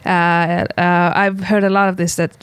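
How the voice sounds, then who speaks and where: A woman's voice: lowish voice, level tone, measured pace, clean tone, no echo. A woman from Estonia, a guest on a casual studio podcast, talking candidly with frequent giggles and casual swearing.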